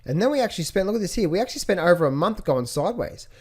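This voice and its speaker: Guy explaining charts, kinda high voice, keeps asking what, repeats himself a lot. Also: sing-song, rapid-fire, breathy edge. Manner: rhetorical questions, repeats phrases. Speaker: trading instructor. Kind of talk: screen-share chart tutorial.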